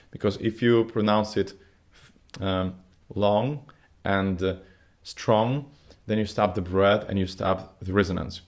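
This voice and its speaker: A man's voice: fairly low pitch, fairly even intonation, unhurried. A man teaching a singing lesson as a vocal coach, explaining patiently step by step in slightly phrasing.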